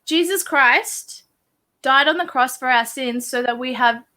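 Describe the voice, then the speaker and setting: A woman hosts a casual chat after a few drinks. Her voice sits a little high and rings bright and sharp. She talks in an earnest, rambling way that drifts toward emotion. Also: unhurried. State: tipsy from drinking. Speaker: host interviewing a guest. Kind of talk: casual tipsy debate.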